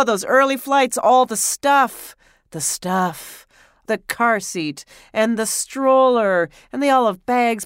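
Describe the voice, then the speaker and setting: A woman's voice: medium pitch, clear, resonant tone, no room sound, clean studio sound. A woman podcast host telling a personal story in a wry, self-mocking way. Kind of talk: storytelling monologue.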